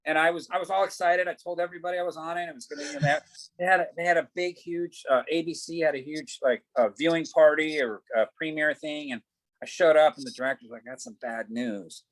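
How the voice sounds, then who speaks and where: A man's voice: on the high side, steady tone, fast, poor audio. A middle-aged man, an actor, telling stories in a casual interview, acting out quoted dialogue and swearing casually. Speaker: actor guest.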